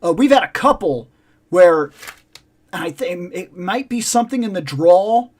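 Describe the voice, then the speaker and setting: Podcast co-host, casual chat, rambling storyteller, middle pitch. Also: animated, a little mellow. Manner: rambling storyteller, drawn-out emphasis.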